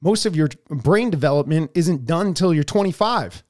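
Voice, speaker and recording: A man co-hosting a casual political podcast. He talks in a heated, profane rush and keeps tripping over repeated words. His voice sits fairly high for a man. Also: lively intonation, normal speed, a little mellow. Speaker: podcast co-host.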